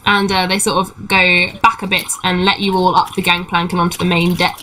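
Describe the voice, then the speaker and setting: A woman's voice: lowish voice, little pitch movement, fairly quick, pushed and bright, slight background noise, poor audio. A young adult woman narrating a tabletop game as game master, describing scenes with many fillers.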